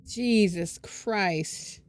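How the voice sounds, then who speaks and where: A woman's voice: mid-range voice, very slow, faint music behind. A woman streamer reading a story game aloud and reacting with sighs, groans and swearing. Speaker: VTuber streamer.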